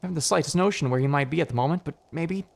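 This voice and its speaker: A man voicing a frightened small male adventurer in a put-on Irish accent, stammering and gravelly as he reads game dialogue. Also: a little high, racing, pitched above the performer's own voice. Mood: worried. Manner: jittery, breathless pleading. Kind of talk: voice acting a game's dialogue on a live stream.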